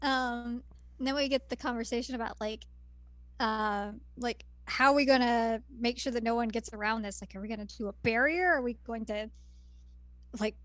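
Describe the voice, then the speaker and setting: Woman, podcast co-host, high voice, wry teasing asides, casual, dry close mic. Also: normal speed, a bit bright, dry recording. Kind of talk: casual anime recap chat.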